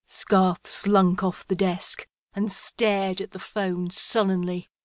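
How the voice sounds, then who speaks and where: A woman's voice: medium pitch, level tone, takes it slowly, no echo, studio quality. A woman narrating an audiobook with a wry, comic storytelling manner.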